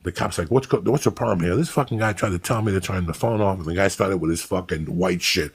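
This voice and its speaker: A middle-aged man with a New York accent, telling a loud, profane story as a comedian. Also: low-pitched, fast talker, creaky, hardly any pauses, breathy edge. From New York City.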